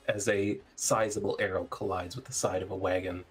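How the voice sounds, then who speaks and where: A man narrating a tabletop game as game master, relaxed, with fillers and chuckles. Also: low-pitched, a little fast, husky, soft background music.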